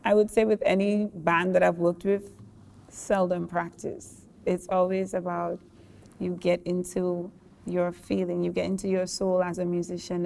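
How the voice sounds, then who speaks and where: Brief: young woman vocalist, lowish voice, relaxed and laughing, long hall reverb. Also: vocal fry. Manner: relaxed, laughs often, thoughtful. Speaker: singer being interviewed. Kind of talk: casual interview talk.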